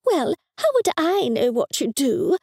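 A woman's voice: sits high, very animated, a little slow, vocal fry, a little mellow, no echo, clean studio sound, voice pushed up, exaggerated voice. A woman voicing a fussy, superstitious older mother who scolds her daughter in a raised, insistent voice. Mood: scolding.

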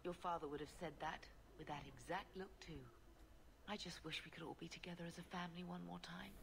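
A woman voicing a gentle, widowed middle-aged noble mother in video game dialogue, speaking softly and earnestly. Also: fairly low pitch, fairly even intonation, fairly quick, gravelly, noisy background. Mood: wistful.

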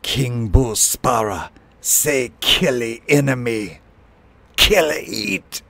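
A man's voice: medium pitch, very animated, extremely slow, husky, voice pushed up, full character voice. A man voicing a savage, fierce male sparrow king who barks broken commands. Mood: furious.

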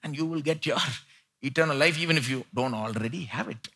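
A male pastor preaching a live church sermon, swinging between loud pleading and quiet asides. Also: a little high, a little fast, husky. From India.

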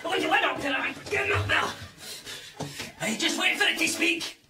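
A man's voice: very high voice, moderate pace, reverberant, recorded from a distance. A man with a Scottish accent playing an exasperated man stuck in a voice-controlled lift in a comedy sketch. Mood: furious. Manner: exasperated, ends up shouting. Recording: studio audience laughter. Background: audience laughter.

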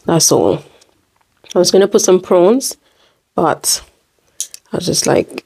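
A woman hosting a casual eating vlog, chatting in a relaxed way between bites. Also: fairly low pitch, slow pace, gravelly, pauses often, husky, no room sound. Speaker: mukbang host.

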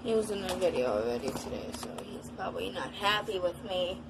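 A woman's voice: on the low side, lively intonation, fairly quick, creaky, background noise. A woman talking casually in a home vlog, counting her exercises aloud and chatting to her dogs. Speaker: vlogger.

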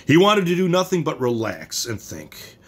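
A man's voice: fairly high pitch, huge pitch swings, normal speed, husky. A man reading a short story aloud in a plain way, now and then stumbling and restarting a phrase. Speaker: story reader.

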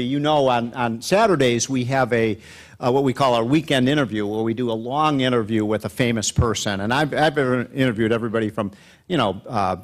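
A man giving a live speech to an audience, telling anecdotes in a chatty, rambling way with many fillers and restarts. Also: mid-range voice. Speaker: speaker at an event. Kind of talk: after-dinner speech with jokes.

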